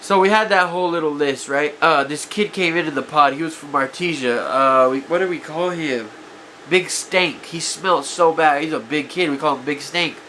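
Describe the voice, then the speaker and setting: This man's fairly high, bright and forceful voice moves at a normal speed, slightly off from allergies, as he vlogs confessional stories from his past with regret and self-criticism. He often addresses his viewers as "guys" and leans on "you know"; there's slight background noise.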